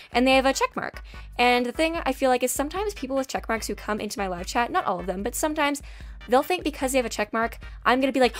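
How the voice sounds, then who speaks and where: Brief: woman, high and quick, sassy storytime vlogger, faint music underneath. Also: animated. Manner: sassy, chatty, lots of "like". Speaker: YouTube graphics artist. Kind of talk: casual storytime vlog. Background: faint background music.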